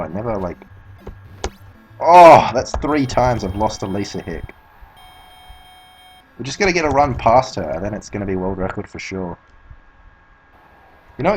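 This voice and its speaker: A man's voice: mid-range voice, very animated, moderate pace, pauses often, a little hiss or hum, rough recording. A man with an Australian accent, a speedrunner chatting casually and rambling with plenty of swearing while he plays. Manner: rambling, swears a lot, laughs at himself. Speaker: speedrunner streaming. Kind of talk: casual commentary while playing.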